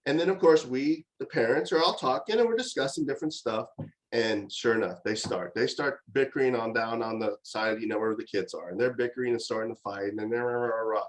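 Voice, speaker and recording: A man's voice: medium pitch, fairly quick, poor audio. A man giving a conversational lecture on parenting, telling stories and acting out exasperated outbursts. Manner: storytelling, with animated quoted outbursts.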